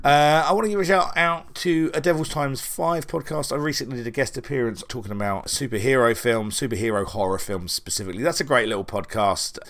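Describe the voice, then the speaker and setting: Man, from england, podcast host, casual chatty talk, mid pitch. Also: fairly quick, hardly any pauses, fairly bright tone. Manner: chatty, swearing, joking.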